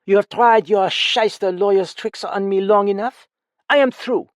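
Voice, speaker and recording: A man reading an audiobook, voicing a cold, sharp-tongued French woman who snaps and snarls in a raised voice. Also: low voice, big pitch swings, unhurried, dry recording, pitched above the performer's own voice, full character voice. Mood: snarling. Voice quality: frigid, snarling.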